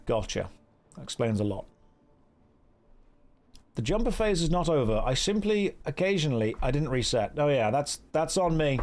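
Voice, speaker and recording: Lively English man streaming a game. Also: fairly high pitch. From England. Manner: chatty, wry and teasing, thanks donors warmly. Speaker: streamer playing an online game. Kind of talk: casual live-stream chat, reading out viewer messages.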